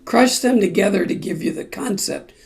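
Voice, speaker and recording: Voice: mid-range voice, animated, normal speed, gravelly. A ukulele group teacher explaining song timing step by step and breaking into snippets of the lyrics. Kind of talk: song-by-song music lesson.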